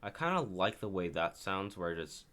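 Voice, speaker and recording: Bright and forceful, this man's low voice has a sing-song lilt at a moderate pace. He casually comments on his own composition during a screen share, rambling and revising his words as he works.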